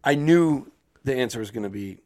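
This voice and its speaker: A man casually telling a funny story on a podcast, acting out other people's lines with a lively put-on voice. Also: medium pitch, normal speed.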